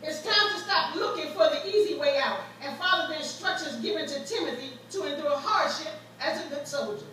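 A woman's voice: sits high, brisk, hardly any pauses, sharp tone, a little hiss or hum. A woman preaching a sermon as guest preacher, telling stories from her own life with rising fervor. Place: church sanctuary. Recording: echoey church from far off.

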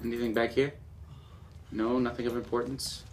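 A man's voice: mid-range voice, little pitch movement, normal speed, slight background noise. A young man commentating a horror game, jumpy and panicky, muttering repeated words to himself. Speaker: gameplay commentator.

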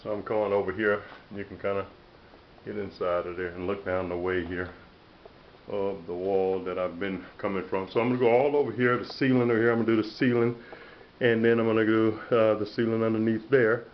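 A man with a fairly low voice talks chattily and proudly while walking through rooms of a house. He's recorded on a handheld camera, so the sound is dull and lo-fi with a faint hiss underneath. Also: flat delivery, a little fast. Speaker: plaster artist. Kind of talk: casual walkthrough video. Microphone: handheld camera mic, filming himself.

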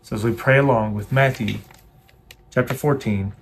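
A man's voice: mid-range voice, steady tone, moderate pace, slight background noise. A male pastor giving an earnest devotional sermon and leading a pleading, repetitive prayer.

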